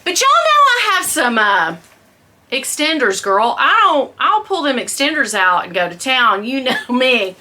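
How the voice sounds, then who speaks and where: A middle-aged woman vlogger in a casual unboxing chat, gushing and excitable, calling her viewers "girl" and dropping into whispered asides. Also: sits high, measured pace.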